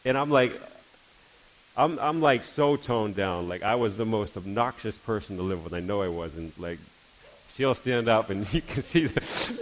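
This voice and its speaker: Low-voiced man. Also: animated, unhurried, poor audio. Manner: storytelling, acting out dialogue. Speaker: church speaker giving a testimony. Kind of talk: testimony sermon.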